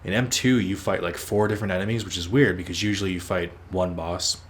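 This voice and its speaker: Low-voiced man casually narrating his gameplay. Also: fairly even intonation, quick pace. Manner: rambling, swears freely, teases himself. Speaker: let's play host.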